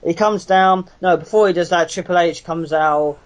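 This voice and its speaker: A young man with a fairly high voice talks wrestling in a loose, rambling way. He swears a lot and keeps restarting his sentences as he goes. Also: moderate pace, rough recording. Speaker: podcast co-host. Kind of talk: casual wrestling chat.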